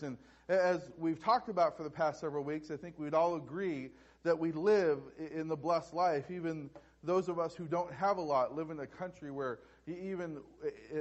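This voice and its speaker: A man preaching a sermon as pastor, halting and restarting with repeated words. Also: a little high, lo-fi sound.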